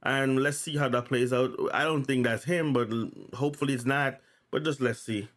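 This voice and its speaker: A man's voice: mid-range voice, fairly even intonation, moderate pace, fairly bright tone. A man hosting his own channel, reading news notes aloud in a casual way and often stuttering, repeating and restarting words. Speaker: channel host.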